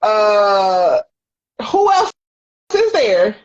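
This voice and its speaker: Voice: medium pitch, sing-song, drawn-out words, shouting, highs cut off. A co-host in a casual aftershow chat, talking bluntly and heatedly about what annoyed them.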